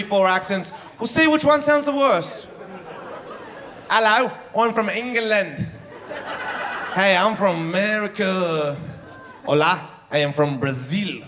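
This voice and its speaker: A man with a high voice performs a brash, profane stand-up set on a club stage, delivering his lines in a punchy way. It's a live show with loud crowd laughter, and there's a little hiss or hum in the audio.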